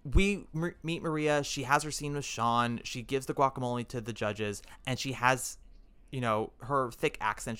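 A man hosting a casual podcast, animated and enthusiastic as he tells stories and acts out the quotes. His voice is bright and forward, with a smooth, clean tone. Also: medium pitch, normal speed. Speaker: podcast host.

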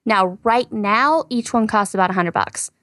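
A woman's voice: mid-range voice, normal speed, a bit bright, no room sound, clean studio sound. A woman co-hosting a casual science podcast, chatty and full of "you know" fillers. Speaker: science news co-host.

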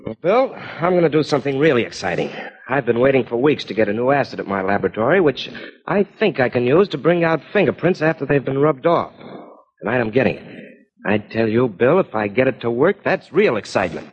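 A wry, confident detective. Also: male voice, mid-range voice, very animated, a little fast, breathy edge. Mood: explaining. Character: sharp male police detective, wry and confident. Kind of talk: 1940s radio acting. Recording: dull old radio recording with faint hiss.

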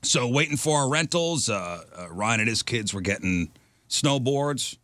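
This podcast co-host is a man who talks unhurriedly at a medium pitch, with a little background noise behind him. He's an animated storyteller, performing the quoted lines as he relates a tale in casual conversation.

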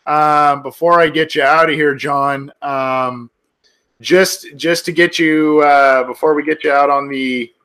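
Chatty bright-voiced male podcast host. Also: fairly high pitch, steady tone, unhurried, smooth. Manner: chatty, many fillers and restarts. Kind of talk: casual sports talk.

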